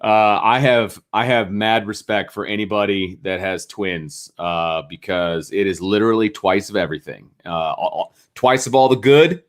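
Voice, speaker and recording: Low-voiced easygoing middle-aged man. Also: moderate pace, few pauses. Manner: easygoing, agreeable, hesitant fillers. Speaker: podcast co-host. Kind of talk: casual sports talk.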